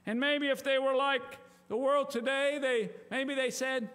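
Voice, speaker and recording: A man pastor preaching an impassioned sermon in a church, rising to shouts at times. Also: very high-pitched, steady tone, a little slow, smooth, big-room sound.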